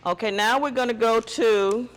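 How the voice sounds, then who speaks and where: A man's voice: extremely high pitch, normal speed, fairly bright tone, smooth, in a large hall. A man teacher giving a test-prep lesson, quizzing students with call-and-response questions.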